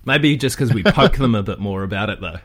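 Podcast guest, New Zealand man, very low voice, relaxed and rambling. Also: a little fast. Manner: relaxed, chatty, frequent fillers and restarts. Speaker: guest, physical therapist. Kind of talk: casual podcast conversation.

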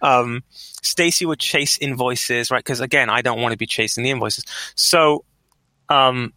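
A man's voice: moderate pace, no echo, low-quality recording. A middle-aged man, a business owner, telling stories in an interview and acting out the dialogue. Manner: animated, acts out quoted dialogue with rising pitch. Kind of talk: storytelling interview answers.

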